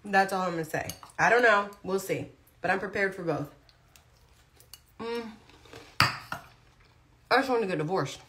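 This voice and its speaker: A woman's voice: mid-range voice, measured pace, pauses often, noisy background. Blunt woman chatting on a live stream, talking with her mouth full, just rambling. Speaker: vlogger. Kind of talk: casual livestream chat.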